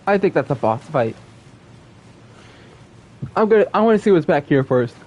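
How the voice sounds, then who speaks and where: Excitable high-voiced male streamer. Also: normal speed, dull audio. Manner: excitable, rambling, gushing. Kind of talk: casual live-stream gameplay chat.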